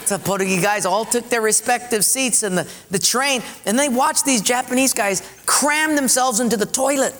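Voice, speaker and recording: Male preacher, sermon delivery, lively storyteller, high voice in a reverberant hall. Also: moderate pace, few pauses, a little hiss or hum. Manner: animated storytelling with acted-out voices.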